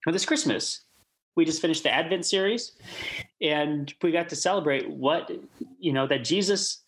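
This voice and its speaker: A man co-hosting a church podcast in casual chat, upbeat and chatty with many fillers. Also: a little high. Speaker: podcast co-host.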